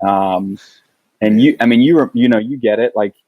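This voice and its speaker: A man's voice: on the low side, moderate pace, no room sound, narrow, tinny audio. A man in his thirties, a podcast guest, telling a story in a casual way with many restarts and fillers.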